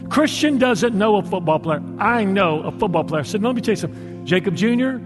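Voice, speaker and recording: High-voiced male pastor preaching. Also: lively intonation. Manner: dramatic, slowing for emphasis. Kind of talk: sermon. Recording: long hall reverb with music.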